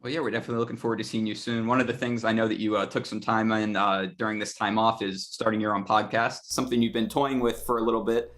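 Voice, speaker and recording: A male interviewer with a lowish voice rattles off his questions quickly. He stays friendly and steady, with prepared wording. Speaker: interviewer, host.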